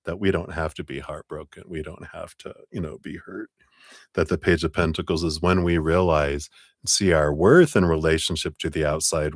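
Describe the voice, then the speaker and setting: Deep-voiced man giving a tarot reading. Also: no echo, clean studio sound. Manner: rambling, self-interrupting, chuckling. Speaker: tarot reader.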